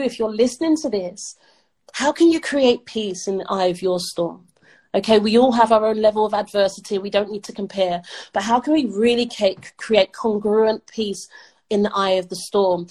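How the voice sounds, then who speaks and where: A woman's voice: medium pitch, normal speed, darkish tone, rough recording. A middle-aged woman from the UK, an upbeat podcast guest who talks emphatically in a motivational way and laughs often. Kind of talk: motivational interview talk.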